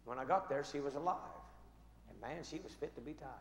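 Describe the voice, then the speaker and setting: A middle-aged pastor preaching a sermon, moving between shouted declarations and quiet storytelling. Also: male voice, fairly high pitch, fairly quick, creaky. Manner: impassioned preaching, swinging from shouts to hushed storytelling. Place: church sanctuary. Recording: echoey church hall with faint music.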